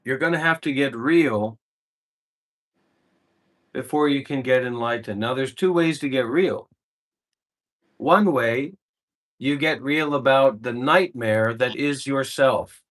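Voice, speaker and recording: A man's voice: medium pitch, slow, pauses often, fairly bright tone. A man giving an informal spiritual talk as a meditation teacher, blunt and profane, and driving his points home with emphatic repetition.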